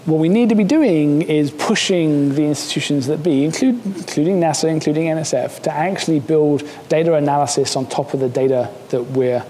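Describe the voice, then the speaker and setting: A man's voice: a little high, fairly quick, few pauses, warm tone, in a large hall, a little hiss or hum. A man giving a seminar talk, casual and joking, with many fillers and restarts. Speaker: seminar speaker. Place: lecture hall.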